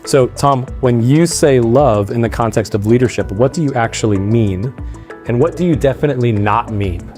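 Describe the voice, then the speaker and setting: A man interviewing a coach, asking reflective questions at a steady pace. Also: mid-range voice, moderate pace, soft background music.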